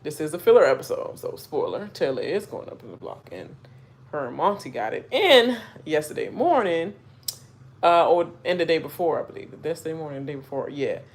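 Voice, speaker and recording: A woman's voice: low-pitched, sing-song, a little fast. A woman chatting casually on a live reaction stream, rambling with lots of fillers and asides. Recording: faint background noise.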